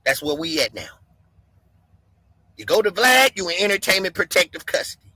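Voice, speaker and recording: A man hosting a livestream, ranting loudly and excitably, swinging between shouts and mutters and laughing often. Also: sits high, normal speed, rough recording. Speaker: livestream host. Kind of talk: animated livestream rant.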